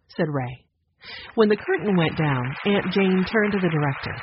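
A man's voice: high voice, expressive, normal speed, highs cut off, slight background noise. A man narrating an audiobook, voicing each character in turn. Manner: acts out each character with a changed voice. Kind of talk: scripted narration.

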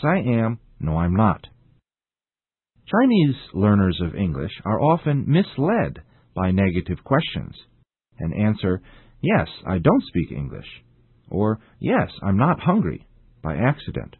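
Male radio English teacher, deliberate, dry thin phone-like sound. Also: fairly low pitch, breathy edge, no room sound. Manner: slow, deliberate, very lively intonation. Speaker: English teacher, show host. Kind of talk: scripted radio lesson. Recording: tinny phone-like band.

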